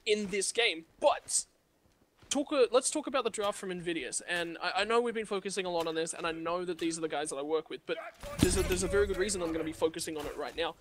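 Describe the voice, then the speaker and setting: A man's voice: sits high, fast talker, a little hiss or hum. A young man with a British accent casting an esports match in a playful, theatrical announcer manner. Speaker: esports caster. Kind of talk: esports commentary.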